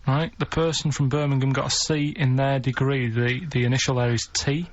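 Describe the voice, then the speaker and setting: An English man presenting on comedy radio, reading out a quiz in a dry, deadpan way. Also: mid-range voice, normal speed. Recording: dull, slightly noisy archived radio clip.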